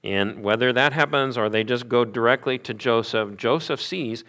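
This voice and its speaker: A man preaching a sermon, telling stories with animated asides and rhetorical questions. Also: medium pitch, normal speed, hardly any pauses. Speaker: pastor.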